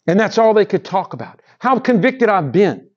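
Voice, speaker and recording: A middle-aged male preacher delivers a sermon in an animated way, climbing high and dropping low in pitch and calling out to the congregation. His voice sits a little high for a man. The sound is dull and lo-fi, as from a church recording. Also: normal speed, husky. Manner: animated preaching, rises and drops in pitch, asks the congregation "Amen?". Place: church sanctuary.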